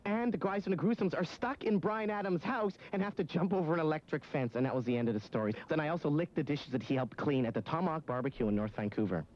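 A young man telling excitable, rambling anecdotes as a guest on a radio show. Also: fairly high pitch, fast, hardly any pauses. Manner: breathless, excitable, run-on storytelling. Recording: muffled lo-fi radio recording.

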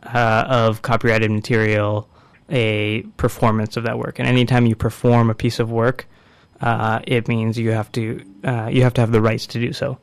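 A man in casual discussion, explaining a court case in a measured way with frequent fillers. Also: mid-range voice, little pitch movement, gravelly, clear, resonant tone, no echo.

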